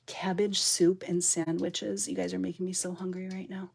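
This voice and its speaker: Giggly gravelly-voiced woman crafting live. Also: on the low side, flat delivery, normal speed, a little mellow. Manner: chatty and giggly, talks to viewers while working. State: overtired and punchy. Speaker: papercraft demonstrator. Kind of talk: live-stream crafting chat.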